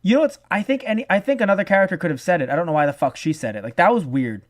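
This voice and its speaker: A man co-hosting a casual review podcast. He talks in an animated way, swears, restarts his sentences and acts out the lines he quotes. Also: sits high, rapid-fire. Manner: profane. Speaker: podcast co-host.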